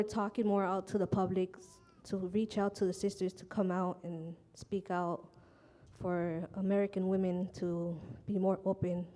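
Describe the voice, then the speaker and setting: Flat-voiced woman asking a question. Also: mid-range voice. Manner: hesitant, earnest, many fillers. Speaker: audience questioner. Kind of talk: question from the floor.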